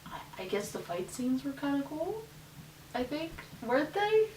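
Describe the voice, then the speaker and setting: A woman's voice: high voice, sing-song, moderate pace, distant mic, noisy background. A woman reviewing a film in a casual chat, giggly and easygoing. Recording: roomy, away from mic.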